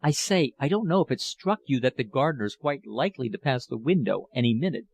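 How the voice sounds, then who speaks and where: A man's voice: medium pitch, lively intonation, brisk, creaky, darkish tone, dry recording. A man reading a breezy, offhand young man. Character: young man, flattered and self-conscious.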